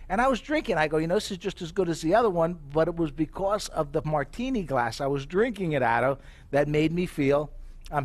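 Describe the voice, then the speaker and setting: A middle-aged man giving a live sales presentation as company president, telling stories and asking the audience questions. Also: fairly high pitch. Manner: animated storyteller, asks the audience questions.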